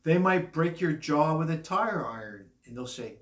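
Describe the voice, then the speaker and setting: A man's voice: on the high side, expressive, normal speed. Man, 50s, a bit drunk, blunt rambling vlogger, echoey room. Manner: blunt, rambling, emphatic warnings. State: a little drunk. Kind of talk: casual rambling monologue.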